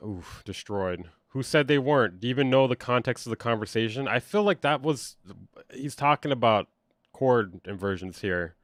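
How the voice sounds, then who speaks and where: A young music producer does casual livestream commentary on online drama, reacting bluntly and sarcastically with plenty of swearing. His fairly low voice has a bit of brightness, captured in a dry, clean studio recording.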